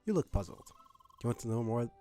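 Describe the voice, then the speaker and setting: Man playing a formal official, measured, proper briefing voice. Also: mid-range voice, sing-song, mellow, faint music behind, close to an everyday voice. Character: formal official announcer addressing newcomers.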